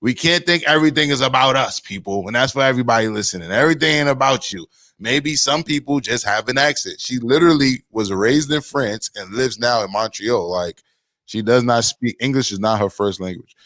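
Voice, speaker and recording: A man hosts a casual rant podcast in a mid-range voice. He sounds lively and talks in rhetorical questions. His voice is dry and close, with no room sound. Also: mid-range voice, fairly quick, no echo. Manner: animated, fires off rhetorical questions. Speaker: podcast host.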